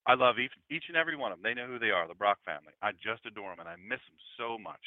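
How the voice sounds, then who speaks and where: In a church room full of his congregation, a fifties-aged pastor delivers a casual sermon, trading words with the people there. His fairly low voice comes rapid-fire. The tinny, phone-like recording carries no echo.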